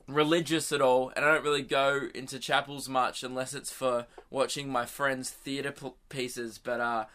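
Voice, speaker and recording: A man's voice: a little high, pushed and bright, smooth. A young man hosting a podcast, telling a rambling, self-amused story and laughing at his own jokes. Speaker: podcast host. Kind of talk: casual storytelling monologue.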